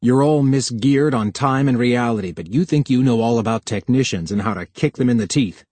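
A man's voice: mid-range voice, brisk, darkish tone, no echo, close to an everyday voice. Brief: male narrator as a defensive young technician, clipped and stern, dry close sound. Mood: indignant. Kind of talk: audiobook character voice.

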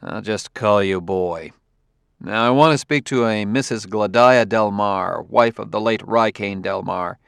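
A man's voice: on the low side, measured pace, gravelly, fairly bright tone, smooth, no echo, clean studio sound. A man voicing a blunt, impatient male detective who gives orders brusquely. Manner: brusque, commanding.

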